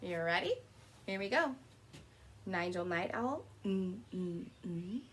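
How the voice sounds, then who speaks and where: A young woman teaching preschoolers letter sounds in a slow, sing-song circle-time lesson. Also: lowish voice, animated, slight background noise.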